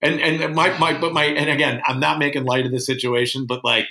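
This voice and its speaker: A man co-hosting a casual podcast chat, talking in an excitable, rambling way with many restarts. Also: a little high, brisk. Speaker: podcast co-host.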